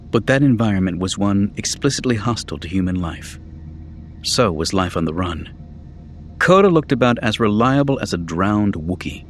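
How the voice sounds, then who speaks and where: A man reading an audiobook in scripted narration, measured and even. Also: lowish voice, slight background noise.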